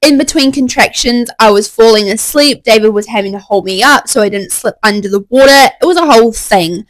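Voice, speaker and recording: A young woman excitedly telling a candid story in a casual, chatty way. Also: a little high, brisk, no echo, poor audio. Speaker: vlogger.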